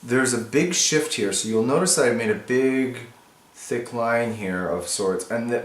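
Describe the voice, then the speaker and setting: A man's voice: mid-range voice, roomy sound. A male teacher annotating a text for his students, thinking aloud in a casual, explanatory way.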